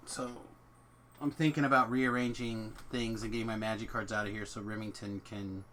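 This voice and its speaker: A man's voice: lowish voice, little pitch movement, normal speed, sharp tone, a little hiss or hum. A man hosting a game stream from home, chatting casually and thinking aloud as he plays. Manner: rambling, thinks aloud about his setup. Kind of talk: casual chat while gaming.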